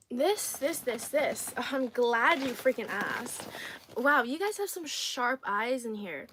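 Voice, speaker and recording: A young woman with a fairly high voice chats casually on a livestream, reading viewers' comments aloud and giggling often. She speaks slowly and unhurriedly, over a faint hiss of background noise. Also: expressive, fairly bright tone. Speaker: streamer reading live chat.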